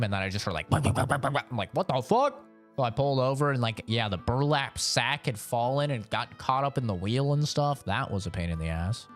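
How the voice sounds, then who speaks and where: A man streaming a game, telling casual stories with loose swearing and laughter. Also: mid-range voice. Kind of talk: casual chat while gaming.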